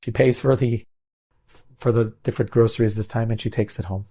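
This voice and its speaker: Gravelly earnest rabbi storyteller. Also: male voice, medium pitch, fairly even intonation, brisk, mellow. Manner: earnest, mixes in Hebrew words. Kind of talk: storytelling sermon.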